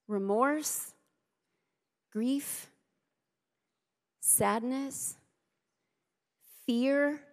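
In a large hall with long reverb, a woman preaches to her congregation in a high, pushed and bright voice. She's emphatic, hammering on repeated key phrases and speaking straight to the people in front of her.

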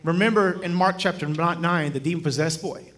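Man, guest preacher, sermon, storytelling, humorous, chuckling, fairly high pitch. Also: moderate pace. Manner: lively, humorous, chuckles while telling stories.

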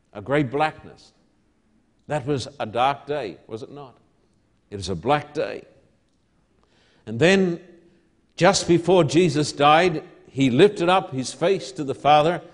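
Man preaching, slow deliberate delivery, slightly high voice, emphatic repetition. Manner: slow, emphatic, rising to loud proclamations; repeats key words for emphasis. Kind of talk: sermon.

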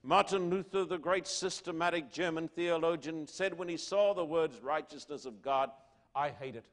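A man preaching a sermon to his congregation, asking rhetorical questions and swinging between loud declarations and hushed lines. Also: a little high, moderate pace. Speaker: pastor.

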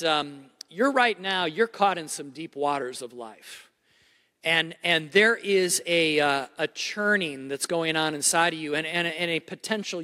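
A middle-aged man preaching a sermon, telling a personal story with animated, emphatic delivery and frequent restarts. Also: on the high side, long reverb tail. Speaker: pastor.

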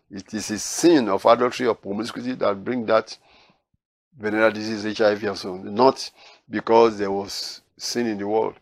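A man preaching verse by verse through a Bible passage, acting out the people in the story and growing loud on key lines. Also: mid-range voice, dry recording. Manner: animated, acts out quoted voices with rising loudness. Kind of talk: Bible teaching.

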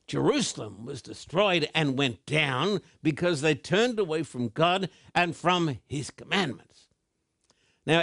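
A man preaching a broadcast sermon, stressing words slowly and emphatically. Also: on the high side, a bit bright, no echo, clean studio sound.

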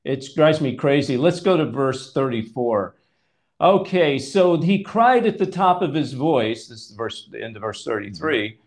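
A man's voice: medium pitch, animated, unhurried. A man hosting a conversational Bible teaching, emphatic and at times exasperated as he reads scripture aloud. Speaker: host and preacher.

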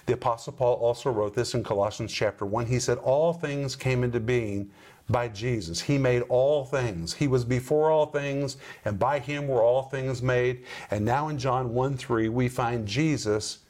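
A middle-aged man hosting a Bible-teaching program, who talks emphatically and slows down to stress key words. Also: mid-range voice, a little mellow.

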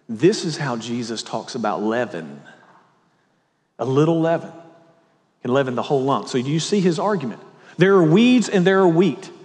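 A man preaching a sermon as a pastor, reading scripture slowly and telling stories with quoted dialogue. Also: on the high side, darkish tone. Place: church sanctuary. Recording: long reverb in a church hall.

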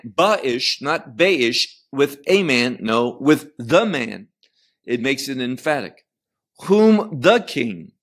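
A man's voice: a little high, a bit bright. A middle-aged man teaching a Bible passage verse by verse, stressing single words and explaining Hebrew terms.

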